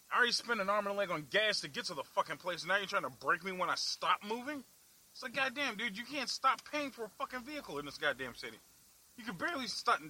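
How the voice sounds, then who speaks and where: A man's voice: sits high, pushed and bright, breathy edge, low-quality recording. Foul-mouthed man ranting in his car. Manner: angry, foul-mouthed, laughing at himself. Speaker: vlog host. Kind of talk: profane ranting while driving. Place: in a car in the city.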